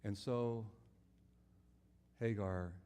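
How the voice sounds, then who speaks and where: A man's voice: fairly low pitch, steady tone, drawn-out words, dark tone, clear, resonant tone, long reverb tail. A man preaching a sermon, telling a Bible story and asking his listeners questions. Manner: storytelling, acts out biblical characters' voices; asks the audience questions.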